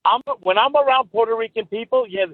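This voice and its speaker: A man with a New York accent calling in to a radio show, rambling and animated, often breaking off his own sentences, heard over a tinny phone line. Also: extremely high pitch, fast talker, dry recording. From Bronx and Long Island, New York. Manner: rambling, animated, self-interrupting. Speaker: caller. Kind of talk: phone-in chat.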